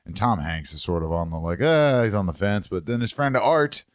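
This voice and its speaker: A man with a lower voice recaps a horror comedy on a casual podcast, relaxed and peppered with swearing. His voice sits close to the mic with no room echo. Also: moderate pace. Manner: laid-back, profane storytelling. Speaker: podcast co-host. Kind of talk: casual chat.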